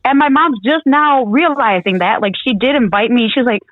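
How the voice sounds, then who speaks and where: A woman's voice: on the high side, a little fast, few pauses, no echo, narrow, tinny audio. A woman guest in a casual podcast chat, sarcastic and swearing freely.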